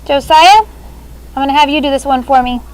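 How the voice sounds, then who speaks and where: High-voiced woman teaching a classroom. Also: rough recording. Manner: brisk, calls on students by name. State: speaking through a face shield. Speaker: sixth grade language teacher.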